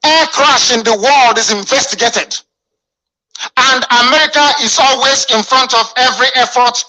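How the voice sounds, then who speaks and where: A man's voice: very high-pitched, normal speed, sharp tone, low-quality recording. A man delivering a fiery, scornful radio address full of rhetorical questions. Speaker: radio broadcaster.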